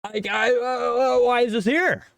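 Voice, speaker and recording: A man streaming a game, reacting in excitable, casual talk with swearing and stammers. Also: very high-pitched, a little slow, creaky, clean tone, no echo. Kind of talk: casual gaming commentary.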